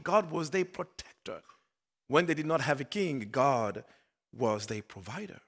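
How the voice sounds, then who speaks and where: A male pastor preaching a sermon, swinging between loud emphatic bursts and quiet low asides. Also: lively intonation, normal speed. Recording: long hall reverb.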